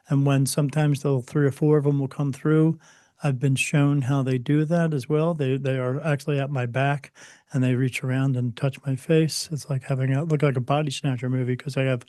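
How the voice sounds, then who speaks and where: A man's voice: mid-range voice, dark tone, no echo, clean studio sound. A man, an interview guest, recounting personal spiritual experiences in a hesitant way, with many fillers and restarts.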